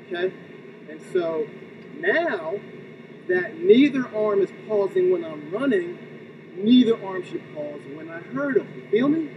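Middle-aged male coach, higher voice, demo style with counted beats, dull distant outdoor audio. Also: sing-song, normal speed, slight background noise. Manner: counts beats aloud, punctuates with "okay?". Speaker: hurdles coach. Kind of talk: demonstration lesson.

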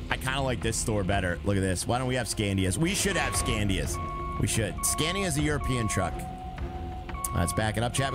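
A young man talks through a game on a live stream in a lively voice that rises and falls a lot. He sits a little high in pitch for a man, laughs often and keeps answering his chat. Music plays steadily behind him. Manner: chatty, reads out chat messages, laughs often. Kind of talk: casual live-stream gameplay commentary.

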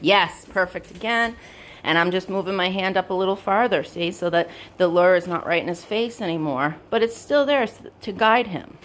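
At home among her pets, a woman dog trainer narrates a training session casually at a moderate pace. She shifts between bright, high praise for her dog and low, quiet explanation.

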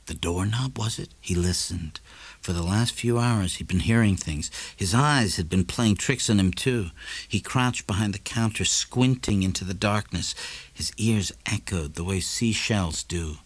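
A man reading a novel aloud in measured, lively storytelling narration. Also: deep voice, husky. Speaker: audiobook narrator. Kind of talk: scripted narration.

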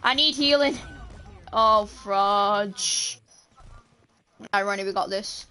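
A young British woman streaming a team game and chatting with her teammates, with sudden shouts and playful swearing. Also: on the high side, fast talker. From Britain. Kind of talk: live gameplay chat.

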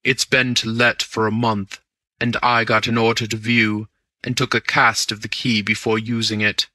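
A man reading as a hushed, cool gentleman burglar. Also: flat delivery, no echo. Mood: conspiratorial. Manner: low, hushed, measured. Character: cool, confident gentleman burglar, male adult. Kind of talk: audiobook character reading.

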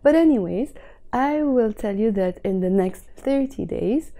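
A young woman with a Lebanese accent, explaining phrases slowly and carefully in a casual vlog lesson. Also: on the high side, expressive, warm tone. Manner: slow careful word-by-word explanations. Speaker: Arabic teacher.

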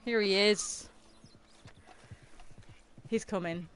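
A woman's voice: mid-range voice, steady tone, drawn-out words, a bit bright, slight background noise. A woman streaming a game from her room, chatting and giggling with her viewers. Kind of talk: casual livestream chat while playing. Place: her own room at home.

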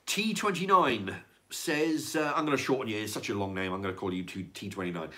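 A man's voice: on the low side, brisk, bright, forceful tone. An older man, chatting casually on a livestream and reading out viewer comments, rambling, repeating words and swearing. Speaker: livestream host reading chat. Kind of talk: casual chat.

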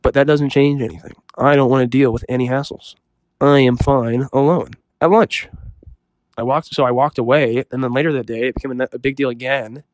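A young man spins a comic story in a deadpan, self-serious way, rambling along with fillers. His voice sits at an ordinary pitch and sounds dry and close to the mic. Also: fairly quick, no echo. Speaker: comedy storyteller. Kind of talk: deadpan comedic story monologue.

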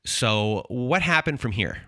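A man hosting a podcast interview, calmly summing up the guest's story before asking his questions. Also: medium pitch, no room sound, studio quality. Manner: calm, measured summarizing. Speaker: podcast host.

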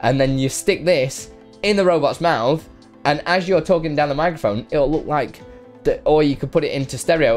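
A young man hosting a casual streaming software tutorial, talking in a relaxed, chatty way with many fillers and restarts. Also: fairly high pitch, moderate pace, faint music behind.

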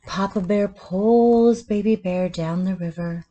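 A woman reading a picture book aloud at storytime, in a slow, soothing bedtime manner. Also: medium pitch, mellow, lo-fi sound, a little hiss or hum. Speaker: storytime reader.

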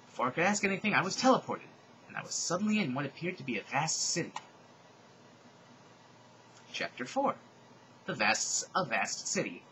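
A man reads fan fiction aloud for comedy, breaking off for sardonic, exasperated asides. His bright voice moves animatedly up and down. A faint hiss runs underneath. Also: medium pitch, very animated, moderate pace, pauses often, low-quality recording. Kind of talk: comedic dramatic reading with asides.

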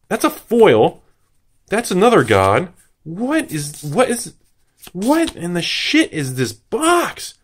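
A young man giving excitable unboxing commentary, swearing and shouting in disbelief. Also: sits high, slow, slightly rough. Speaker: card box opener.

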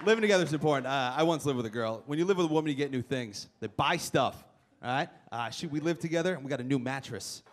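A man's voice: medium pitch, lively intonation, quick pace. A man doing a stand-up set on a comedy club stage, brash and teasing the crowd with punchlines. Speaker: stand-up comic. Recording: live club recording with crowd noise. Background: audience noise and laughter.

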